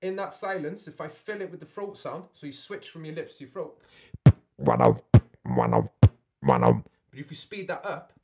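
Gravelly beatbox tutor. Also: male voice, fairly high pitch, normal speed, pauses often, very noisy. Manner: encouraging, checks in with "yeah?" and "okay?". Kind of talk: online workshop teaching. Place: home studio.

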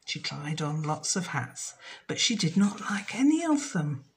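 A woman reads a children's storybook aloud at an unhurried pace. Her voice is on the low side but lilts up and down expressively. She drops into a soft, breathy hush at suspenseful moments. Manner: slow, expressive and lilting.

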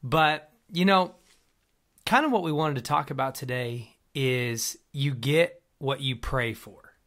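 A man's voice: mid-range voice, takes it slowly, a bit bright. A young man co-hosting a casual faith podcast, joking and laughing often as he talks. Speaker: podcast co-host.

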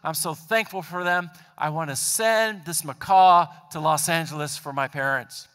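A man's voice: a little high, moderate pace, a bit bright, long reverb tail, lightly acted. A preacher voicing an eager homesick young man. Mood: earnest.

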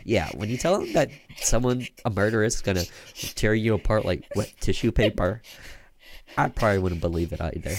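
Wry, low-voiced man doing game commentary. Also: expressive, fairly quick, slight background noise. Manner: wry, joking asides. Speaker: gaming YouTuber. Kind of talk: let's play commentary.

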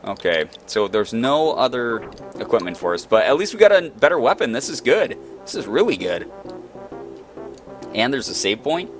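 A man's voice: medium pitch, huge pitch swings, normal speed, music in the background. A man giving casual, goofy commentary while playing a video game, joking with the characters on screen. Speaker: let's play gamer.

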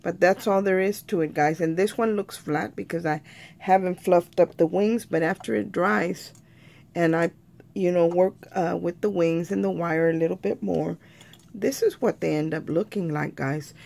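A woman's voice: fairly low pitch, normal speed, vocal fry, a little mellow. A woman talking viewers through a craft tutorial in a chatty way, often calling them "you guys".

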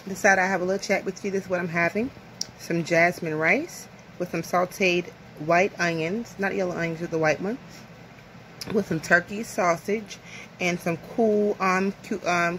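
A woman's voice: fairly low pitch, a bit bright, a little hiss or hum. A woman from the American South chatting casually to camera over lunch at home, rambling and nervous. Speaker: vlogger. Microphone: phone camera.

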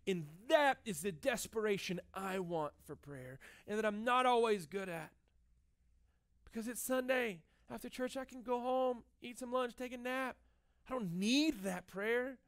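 Man preaching, storytelling with a high voice. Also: measured pace, fairly bright tone. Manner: storytelling, with frequent fillers and restarts. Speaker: pastor. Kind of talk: sermon.

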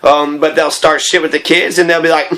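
A man's voice: a little high, flat delivery, a little fast, sharp tone. A man in an angry, profane, rambling personal monologue.

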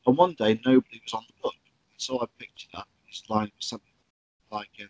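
A man's voice: lowish voice, fast, dry recording, rough recording. A man, a stage actor recalling stories in an interview, chatty with many ums and restarts. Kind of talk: interview anecdotes.

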